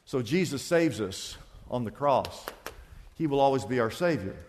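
A man's voice: medium pitch, expressive, moderate pace, darkish tone, in a large hall, a little hiss or hum. A man preaching a sermon, telling a story and acting out the people in it. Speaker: pastor.

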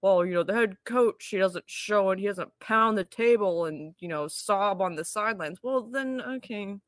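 A woman's voice: mid-range voice, normal speed, no echo. A woman co-hosting a casual podcast chat among friends, joking and chatty with lots of fillers. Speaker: podcast co-host.

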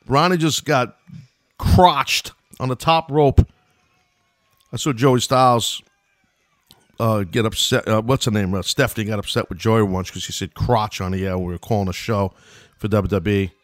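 A man's voice: fairly low pitch, steady tone, normal speed, no room sound. Middle-aged new york guy doing loose play-by-play, rambling asides, dry close sound. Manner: loose and chatty, wanders into asides. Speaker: podcast host commenting on an old wrestling match. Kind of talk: casual play-by-play commentary.

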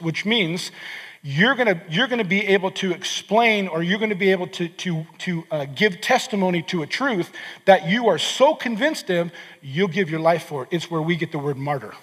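A man preaching a sermon as pastor, earnest, often restarting and repeating words as he explains scripture. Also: high voice. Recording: long hall reverb.

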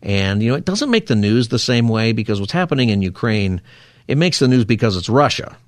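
A man's voice: medium pitch, big pitch swings, a little fast, dry recording, studio quality. A man hosting a call-in radio talk show, musing aloud in a rambling, casual way with frequent fillers.

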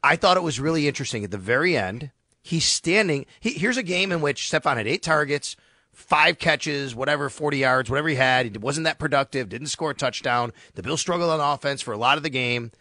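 A man's voice: on the high side, brisk, no echo, clean studio sound. A man hosting a sports radio talk show, telling stories animatedly and acting out the quotes he retells. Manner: animated storytelling, acts out quotes.

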